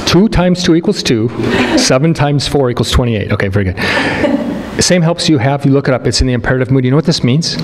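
A man preaching a sermon as pastor, chatty with joking asides and slow, emphatic scripture reading. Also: medium pitch, lively intonation, in a large hall, noisy background. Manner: conversational, joking asides to the congregation; reads scripture slowly and emphatically. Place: church sanctuary.

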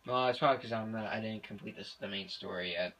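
A young adult gamer giving let's play commentary, excitable, with loud outbursts and heavy swearing. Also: mid-range voice, fast talker. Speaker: gamer playing through a shooter.

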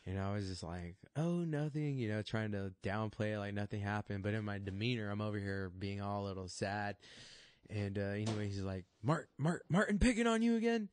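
A man's voice: fairly low pitch, clear, resonant tone, no room sound. A man, a fight coach and podcast guest, telling stories in a laid-back, casual way, swearing a lot and laughing often. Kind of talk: casual storytelling.

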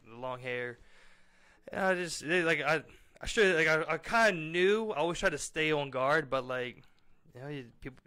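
A man's voice: medium pitch, sharp tone, clear, resonant tone. A young man telling a rambling personal story in casual podcast talk, full of fillers and acted-out quotes.

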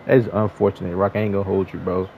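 A young man giving slangy, excitable trash-talk commentary over his own basketball video game play. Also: deep voice, racing, gravelly, phone-quality sound, a little hiss or hum. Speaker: gaming YouTuber. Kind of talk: live gameplay commentary.

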